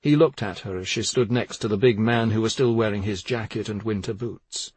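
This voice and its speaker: A man narrating a thriller in a measured, subdued reading. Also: on the low side, a little mellow, breathy edge, dry recording. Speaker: audiobook narrator.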